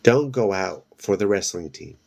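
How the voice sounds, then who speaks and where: A man's voice: deep voice, animated, normal speed, vocal fry, a little mellow, full character voice. A man reading aloud and voicing a fearless, teasing young girl from a storybook, raising his voice into a pushy, upbeat tone.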